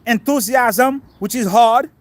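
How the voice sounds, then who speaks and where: High-pitched guy teaching bible stuff outside on the grass, real casual, keeps quizzing folks. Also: slow. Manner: informal, quizzes listeners and explains terms. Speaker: spiritual teacher. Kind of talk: casual outdoor scripture teaching. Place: outdoors, sitting on grass in the wind.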